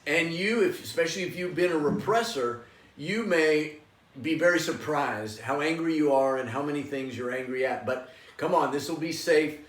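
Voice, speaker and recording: A man teaching a yoga and meditation class, coaxing listeners to join him in loud, forceful chanting. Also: on the high side, moderate pace. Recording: echoey room, voice from a distance.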